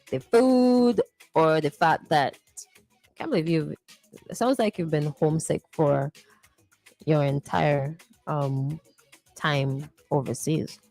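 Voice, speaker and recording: A woman's voice: low-pitched, creaky, a little mellow. A woman hosting a morning radio show, playfully reading listener messages and teasing them. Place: radio studio.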